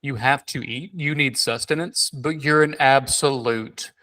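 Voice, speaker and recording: A man hosting a podcast in casual chat, telling animated stories with many fillers and restarts. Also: mid-range voice, unhurried. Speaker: podcast host.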